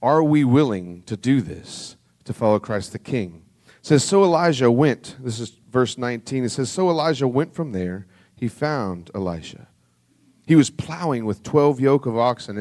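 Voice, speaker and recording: A man preaching a sermon, reading scripture aloud and sinking to a soft, low voice on solemn passages, with an earnest, conversational delivery. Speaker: pastor.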